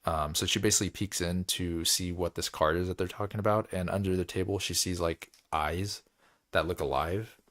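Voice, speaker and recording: A man's voice: deep voice, fairly even intonation, moderate pace, fairly bright tone. A man hosting a book club, recapping chapters in a loose, rambling way, with lots of filler words and frequent laughs.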